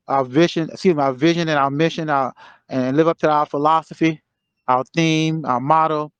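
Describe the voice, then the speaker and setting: A man in his sixties giving a motivational exhortation over a remote call, halting with many fillers and building to fervent emphasis. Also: fairly high pitch, clear, resonant tone, dry recording. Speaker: guest speaker. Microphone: remote call connection.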